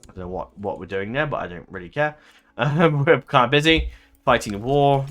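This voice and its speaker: A man's voice: medium pitch, a little fast, a bit bright. A man giving casual let's-play commentary, thinking aloud in a rambling way, swearing and laughing easily. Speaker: gaming commentator.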